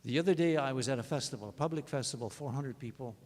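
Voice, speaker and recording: A male legislator argues his point in floor debate, telling a story with lively emphasis. His mid-range voice carries the long reverb of a large chamber. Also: mid-range voice, fast talker. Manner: animated anecdotal rebuttal. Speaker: state legislator.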